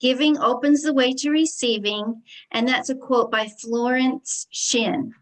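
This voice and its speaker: A woman's voice: sits high, steady tone, a little slow, poor audio. A woman who works as a healer, explaining an affirmation practice in an interview in an earnest, instructive way. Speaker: healer and hypnotist vendor.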